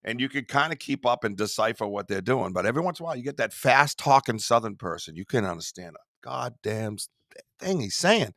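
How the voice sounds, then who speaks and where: Bright, dry-voiced man swearing and laughing. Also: mid-range voice, very animated, a little fast, no echo. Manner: loud, laughs a lot, swears freely. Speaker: podcast host. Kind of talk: casual podcast banter.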